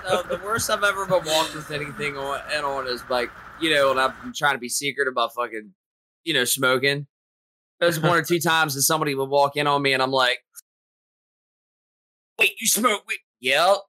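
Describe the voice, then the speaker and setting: A man hosting a casual podcast chat, telling stories animatedly, acting out loud quotes and swearing freely. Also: medium pitch, brisk, dry recording, low-quality recording.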